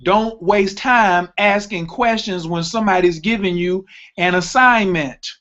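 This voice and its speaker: A man's voice: sits high, unhurried, bright, forceful tone, muffled recording. A man hosting a talk radio show, talking emphatically and cutting in with repeated interjections.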